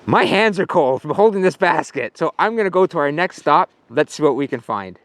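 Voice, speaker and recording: A man's voice: fairly high pitch, expressive, a little fast, a bit bright, dry recording. A male pastor giving a casual sermon outdoors at a farm, telling a story with some fillers.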